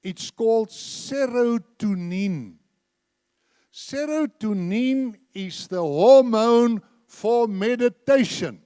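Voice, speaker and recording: A man in his seventies preaching a sermon in a church, an animated storyteller who acts out the dialogue. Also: extremely high pitch, slow, smooth, dry recording, studio quality. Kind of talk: sermon with told anecdotes.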